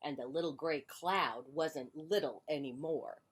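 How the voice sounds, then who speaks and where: A woman reading a picture book to children from her porch. She takes her time, drawing out the words gently, with a voice pitched a little low. Unhurried, storytime manner. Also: slightly rough. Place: on a porch outdoors.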